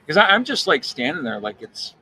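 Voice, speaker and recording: A man's voice: on the high side, fairly quick, a little hiss or hum. A man who roasts coffee, telling a casual story, acting out quotes and repeating words as he thinks. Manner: animated anecdote with acted-out quotes. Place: coffee shop.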